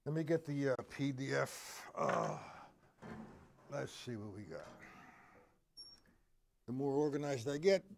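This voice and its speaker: A man's voice: medium pitch, huge pitch swings, unhurried, creaky, pauses often, background noise. A man teaching a drum lesson on a live stream, patiently explaining rudiments and counting the beats aloud.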